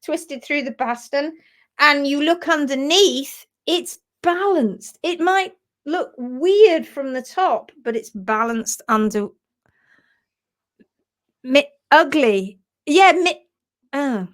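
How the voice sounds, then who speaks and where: Chatty giggly Englishwoman, fairly high voice. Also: expressive, takes it slowly. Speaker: hoof care presenter. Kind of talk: casual live-stream chat.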